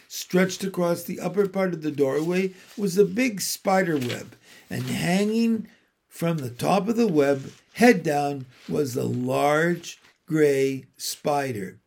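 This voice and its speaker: A man narrating a children's novel in a gentle storytelling manner. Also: a little high, unhurried, gravelly.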